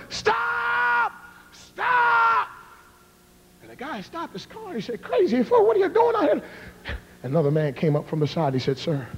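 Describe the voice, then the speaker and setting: A man in his thirties preaching a revival sermon and leading an altar call, swinging from hushed whispers to shouted appeals. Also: a little high, slightly rough, lo-fi sound. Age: 30s. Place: large church with balcony. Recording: long reverb of a large hall.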